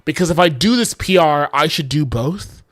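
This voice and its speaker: A man's voice: on the high side, animated, moderate pace, no echo, clean studio sound. A man streaming his game coding in casual talk, exasperated, swearing often and talking to his chat.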